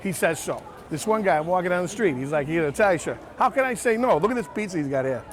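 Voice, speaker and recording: A man's voice: high voice, animated, racing. A man hosting a casual festival vlog outdoors, chatty and enthusiastic as he tastes and praises food. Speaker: vlog host.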